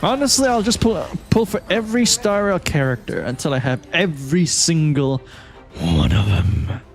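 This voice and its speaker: A man from Malaysia, his voice sitting high and his pace moderate, hangs out with viewers while streaming a game. He reads chat aloud and answers in a relaxed, chatty manner as faint game music plays.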